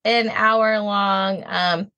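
A young adult woman co-hosting a podcast in casual chat, expressive and sarcastic. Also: medium pitch, extremely slow, muffled recording. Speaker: podcast co-host.

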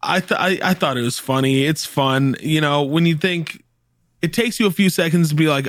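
A man's voice: a little high, moderate pace, dry recording, studio quality. A man co-hosting a podcast, chatting easily about songs and introducing the next tracks. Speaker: podcast co-host. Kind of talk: casual music review chat.

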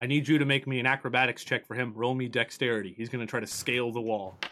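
A man narrating as game master in a tabletop game, playful and animated. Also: medium pitch, fast talker, noisy background.

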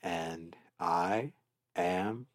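A low-pitched man hosts a solo podcast and gushes about a show he loves. He restarts his sentences often, repeating words as he talks. His voice sounds dry and close, with no room sound. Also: extremely slow, dry recording. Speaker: podcast host. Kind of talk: solo anime review podcast.

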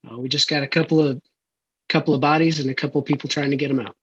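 A man playing a Western tabletop game, talking in a hesitant, halting way. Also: on the high side, fairly even intonation, husky, dull audio. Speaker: player. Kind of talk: tabletop role-play.

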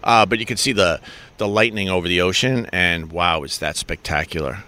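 A man's voice: low-pitched, moderate pace, bright, forceful tone. A middle-aged man with a Long Island accent hosting a live stream, chatting casually in a rambling, joking, profane way. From Long Island, New York.

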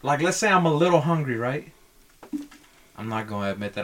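A man's voice: mid-range voice, animated, fast, fairly bright tone. A man as a podcast guest in casual chat, slangy and playfully argumentative, saying bro a lot.

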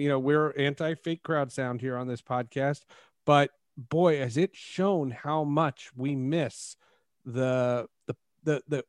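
A man's voice: on the high side, no echo, studio quality. A man co-hosting a sports podcast, rambling and emphatic. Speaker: podcast co-host. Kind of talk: casual sports chat.

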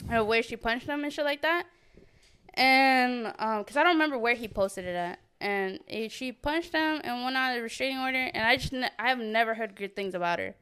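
A woman's voice: on the high side, a little fast, fairly bright tone, clean tone. A young woman in her twenties on a podcast, telling a profane story in casual chat and acting out the quotes. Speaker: podcast co-host.

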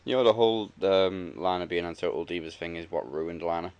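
A man's voice: low-pitched, fairly even intonation, a little fast, darkish tone, lo-fi sound, a little hiss or hum. A man co-hosting a casual wrestling chat, laid-back and dry, chuckling along. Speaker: podcast co-host.

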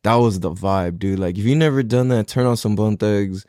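A man's voice: fairly low pitch, normal speed, a little mellow, no echo, clean studio sound. A man in his thirties telling a long, rambling, profane story in a laid-back way, laughing often. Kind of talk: casual storytelling monologue.

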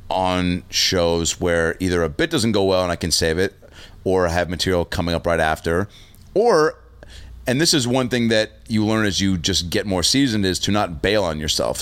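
A man with a fairly low voice tells a rowdy road story in easygoing podcast chat. He swears freely and jumps into loud, high impressions of the people he quotes. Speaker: stand-up comedian.

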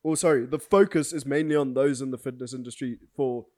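A man's voice: mid-range voice, brisk, darkish tone. A young man in his twenties chatting casually as a podcast co-host, laid-back and full of slang like bro and dude. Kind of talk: casual chat.

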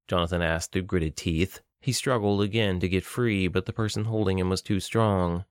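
Deep-voiced male audiobook narrator. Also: steady tone, moderate pace, few pauses, smooth, no echo, studio quality. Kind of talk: scripted narration.

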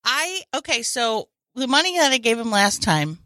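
High, lively woman podcast co-host. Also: normal speed, no echo, studio quality. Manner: goofy, silly questions, bursts into song. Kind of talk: casual crude podcast banter.

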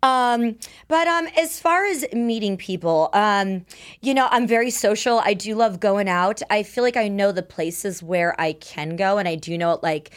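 A woman's voice: mid-range voice, unhurried. A woman guest in casual podcast chat, talking freely and often laughing and acting out her own reactions. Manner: chatty, laughs often, quotes herself in lively asides. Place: Las Vegas.

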